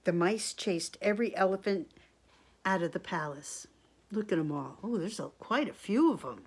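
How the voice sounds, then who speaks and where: A woman teacher reading a picture book aloud to children, expressive, gasping and asking the listener questions. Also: fairly low pitch, normal speed, slightly rough.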